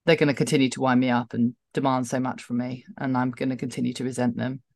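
Woman, low voice, chatty storyteller, dry close sound. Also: fast, dry recording. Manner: chatty, laughing, animated storytelling. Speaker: podcast co-host. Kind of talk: casual chat.

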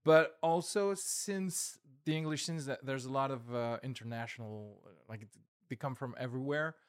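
A man comedian in a casual conversation, talking in a relaxed, hesitant way with many fillers. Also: mid-range voice, normal speed, smooth, no room sound, studio quality. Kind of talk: casual chat.

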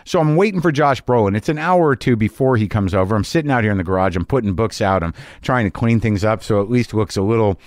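A man's voice: lowish voice, expressive, quick pace, hardly any pauses, no echo. Profane, rambling male podcast host. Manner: profane, self-deprecating, restless. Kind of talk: rambling storytelling monologue. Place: home garage studio. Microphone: studio mic with headphones. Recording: dry, close studio sound.

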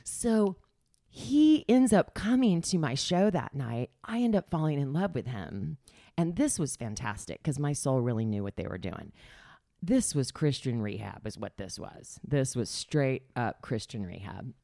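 A woman's voice: extremely low pitch, big pitch swings, unhurried, gravelly, dark tone, no echo, clean studio sound. A middle-aged woman candidly telling her life story in a casual chat, laughing often and sometimes dropping to a near whisper.

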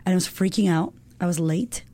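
With a lowish, dark-toned voice and a fairly quick pace, a young American woman recounts a personal story as a guest. She's frank, swears freely and fills her speech with "like," talking from her home in Australia.

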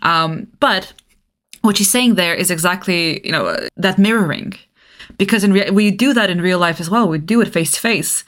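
Her voice sits on the low side, at a normal speed and a bit bright. A non-native English speaker co-hosting a podcast in northeast England, she chats casually, laughs a lot and often starts her sentences over.

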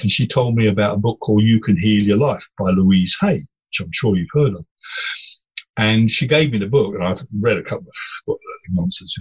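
A man with a low, very raspy voice is a podcast guest. He tells long personal stories in a lively, rambling way, and his pitch rises often when he gets excited. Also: rough recording. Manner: animated storyteller, digressive. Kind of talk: storytelling in casual conversation.

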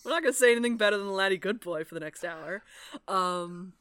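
A woman co-hosting a casual podcast about a fantasy novel, animated and laughing, often quoting characters in silly voices. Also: medium pitch, a little fast, very noisy. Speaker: podcast co-host. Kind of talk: casual book-club chat.

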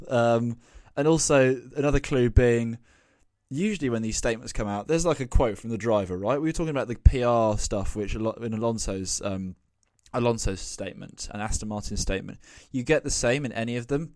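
A man's voice: mid-range voice, a little fast, darkish tone, dry recording. Conversational man on a dry mic. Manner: conversational, many fillers, wry asides. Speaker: podcast co-host. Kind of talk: casual motorsport discussion.

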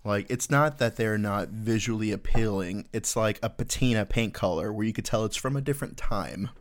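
A man's voice: on the low side, normal speed. A man hosting a casual podcast, trading jokes and telling profane stories about army life. He jumps into the voices of the people he talks about as he goes. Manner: profane storytelling with animated quoted voices. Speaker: podcast host.

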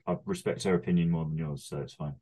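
A man's voice: rumbling low, steady tone, fast, dark tone. A man co-hosting a comedy podcast, trading dry, teasing banter with his friends. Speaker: podcast co-host. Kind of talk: casual banter among friends.

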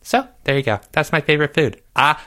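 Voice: mid-range voice, sing-song, fairly quick, fairly bright tone. A performer voicing a cheerful, clueless boy character who rambles with lots of hesitations in a comedic Q&A. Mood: silly. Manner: rambling, playful, many hesitations.

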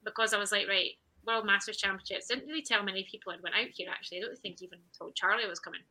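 A woman's voice: mid-range voice, very fast, pushed and bright, rough recording. A woman athlete in her thirties recounting her story in a podcast interview, candid and reflective, quoting her own thoughts and laughing. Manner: candid and reflective, with frequent laughs and quoted self-talk. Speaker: athlete guest.

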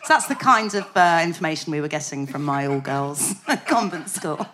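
A woman's voice: sits low, lively intonation, normal speed, fairly bright tone. A woman co-hosting a podcast, telling stories in a dry, wry way and laughing often. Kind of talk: casual chat.

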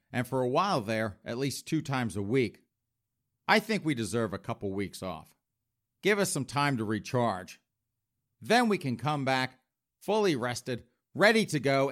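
A man's voice: medium pitch, a bit bright. A man hosting a podcast, delivering a sarcastic, campy comedic monologue. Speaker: podcast host.

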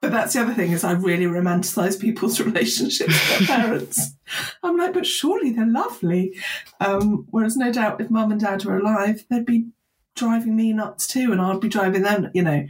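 A woman's voice: mid-range voice, a little fast. A woman, a podcast guest talking candidly and emotionally in a chatty, self-deprecating way. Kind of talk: candid conversational interview.

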